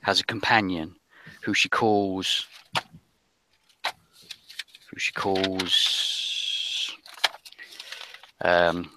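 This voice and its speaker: A man voicing a frightened little French girl with a put-on French accent, pleading in a hushed, urgent way. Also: sits low, fairly even intonation, drawn-out words, pauses often, very noisy, pitched below the performer's own voice. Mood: fearful.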